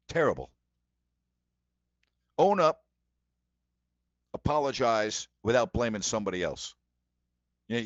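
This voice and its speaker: A man's voice: on the low side, a bit bright, no room sound, highs cut off. A man hosting a sports talk show, giving emphatic, indignant commentary and repeating his points.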